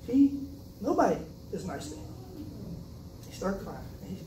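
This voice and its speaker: Very animated and high-pitched, this South Carolina author speaks at a moderate pace as he tells personal stories about his writing. His manner is casual and conversational, with joking asides. The mic is distant at the indoor event venue, leaving the audio roomy and noisy.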